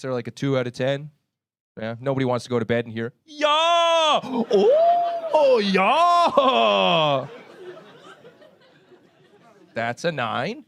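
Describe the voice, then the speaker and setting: A young Canadian man with a Canadian accent, performing a profane stand-up comedy set on a club stage. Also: fairly high pitch. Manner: brash, profane, laughing at own jokes.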